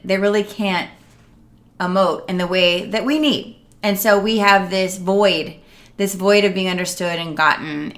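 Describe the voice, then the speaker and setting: A middle-aged woman coach talking earnestly to camera, acting out the voices of the people she quotes. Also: fairly low pitch. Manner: earnest, animated, acts out quotes. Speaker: emotional wellness coach. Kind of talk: casual talk to camera.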